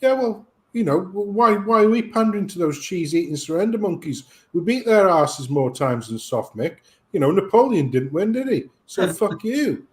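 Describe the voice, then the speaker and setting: Profane ranting British man, lively. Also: high voice, normal speed, few pauses. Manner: profane ranting, animated storytelling. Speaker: chat show guest. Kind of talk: casual chat.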